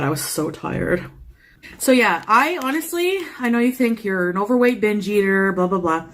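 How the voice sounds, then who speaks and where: A woman vlogger who is out of breath and a bit wheezy, rambling casually through a show-and-tell with many fillers. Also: fairly low pitch.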